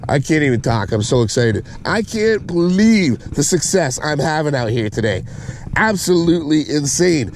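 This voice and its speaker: A man giving casual fishing commentary from a boat on a lake, excitable and whooping when a fish bites. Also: a little high, normal speed. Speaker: fishing vlogger. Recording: noisy outdoor lake ambience.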